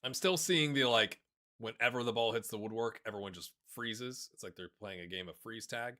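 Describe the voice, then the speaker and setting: A man giving casual, excitable commentary on a football management game, chatting to his viewers and calling the players lads. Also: lowish voice, moderate pace. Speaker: gaming YouTuber. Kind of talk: casual let's-play commentary.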